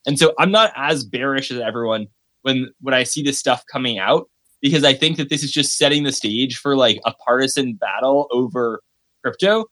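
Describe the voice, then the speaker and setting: A man's voice: mid-range voice, normal speed, fairly bright tone, no echo. A man speaking in a casual panel discussion, with frequent "like" and "you know" fillers. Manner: casual, many likes and fillers.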